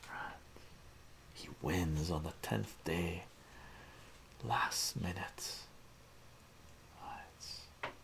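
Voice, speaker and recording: A man softly reading and describing a comic book for an ASMR channel, in a relaxed, amused way. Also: low voice, drawn-out words, vocal fry, pauses often, slight background noise.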